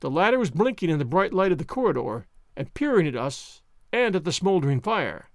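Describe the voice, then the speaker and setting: A man narrating a classic story as an audiobook, in a measured, expressive way. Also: on the high side, no echo, clean studio sound.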